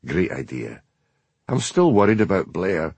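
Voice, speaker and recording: A man's voice: deep voice, sing-song, unhurried, darkish tone, husky, dry recording, full character voice. A man voicing a dry, wry village policeman.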